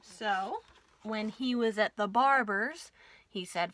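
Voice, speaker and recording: A woman librarian reading a Western picture book aloud at storytime, with expressive, folksy storytelling. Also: medium pitch, slow pace, no echo. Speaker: children's librarian.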